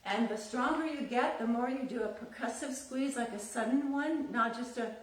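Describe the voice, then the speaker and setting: A woman leads a dance class, calling out counts in a sing-song rhythm and coaching in a chatty, encouraging way. Her voice sits a little high and is heard from a distance in a very echoey room. Faint music plays behind her. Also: moderate pace. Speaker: belly dance teacher. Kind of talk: live online dance class instruction. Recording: very echoey room, voice far from the mic.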